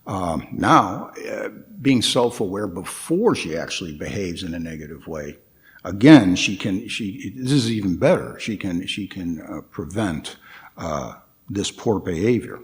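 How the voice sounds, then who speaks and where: A man giving a guest dharma talk at a temple, hesitant, with frequent pauses and restarts. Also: low voice, big pitch swings.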